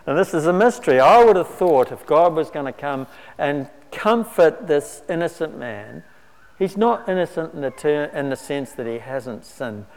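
A man preaching a sermon in a measured, earnest way, lifting his voice on key words. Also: mid-range voice. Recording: long hall reverb.

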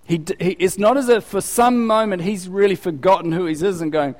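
Pastor preaching in a reverberant hall. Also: male voice, high-pitched, a little fast, few pauses, a little mellow. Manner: conversational, rhetorical questions, repeats words. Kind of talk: sermon.

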